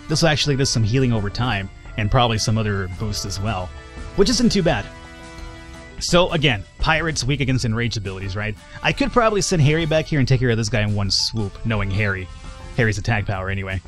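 Male gaming host, chatty and playful, talks over faint game music, mid-pitched voice. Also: a bit bright. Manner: jokey, chatty, reads game text aloud. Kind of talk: casual let's-play commentary.

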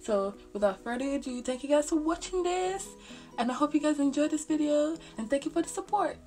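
Animated young woman telling a story. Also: high voice, brisk, faint music behind. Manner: animated, slangy, swears freely. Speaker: vlogger. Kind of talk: storytime vlog.

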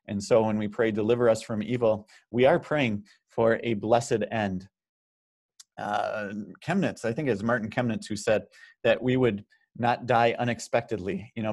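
A man with a somewhat low voice leads a church Bible study. He talks in an easy, conversational way, reading out questions from the group and coaxing them to answer. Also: a little mellow. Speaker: pastor leading Bible study. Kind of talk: informal Bible study teaching.

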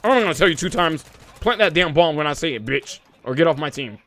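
High, bright-voiced man scolding teammates. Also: expressive, fast talker. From South Carolina. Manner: taunting, scolding, repeats insults. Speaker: game streamer. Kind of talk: live game voice chat.

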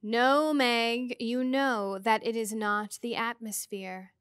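A woman reading aloud voices a commanding ancient female star being, slow and booming. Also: fairly even intonation, fairly bright tone, clean tone, no echo, studio quality. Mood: grave.

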